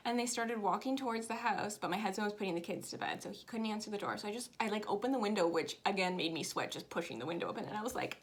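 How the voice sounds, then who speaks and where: A flosstube vlogger in her thirties chats casually to camera at home, telling a personal story with lots of emotion. Her mid-range voice is animated and quick.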